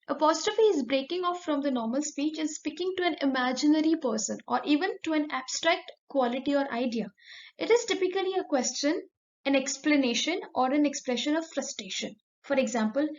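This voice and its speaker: Female teacher explaining a lesson, bright high voice, muffled low-fi recording.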